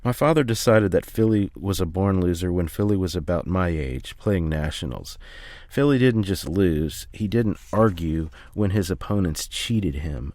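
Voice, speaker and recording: Deep-voiced man reading a memoir. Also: darkish tone, dry recording. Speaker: audiobook reader. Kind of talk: first-person memoir reading.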